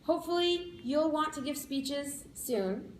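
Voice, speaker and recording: A woman giving a playful, upbeat speech of practical advice to a speaking club, with emphatic slowed-down lines. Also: sits high, expressive. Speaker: public speaker. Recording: echoey room, faint background noise.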